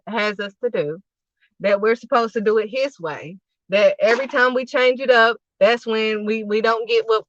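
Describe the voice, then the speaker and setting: A woman's voice: on the high side, fairly bright tone, no echo, highs cut off. A woman preaching casually to camera as a channel host, emphatic and repetitive, driving each point home in short punchy phrases.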